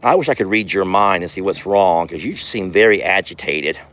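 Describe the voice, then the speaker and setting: Folksy low-voiced farm vlogger man. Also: normal speed, a bit bright. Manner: folksy, chatty, affectionate toward animals. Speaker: ranch owner and vlogger. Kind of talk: casual vlog narration. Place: outdoors on a farm.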